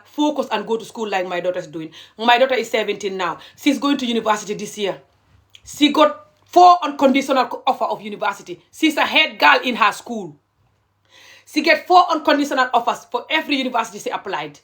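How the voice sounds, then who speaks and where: A woman's voice: on the high side, expressive, fast, a bit bright. A middle-aged woman, ranting passionately and indignantly to viewers on a live stream, repeating her points.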